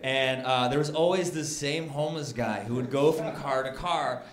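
A man doing stand-up comedy, telling a story and shouting his punchlines. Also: medium pitch, moderate pace, noisy background. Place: comedy club with live audience. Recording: echoey club, crowd laughing.

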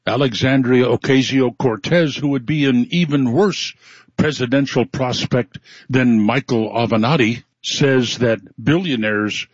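A man's voice: medium pitch, measured pace, dry recording. A man delivering scripted radio commentary in a sarcastic tone. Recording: dull radio sound with faint music.

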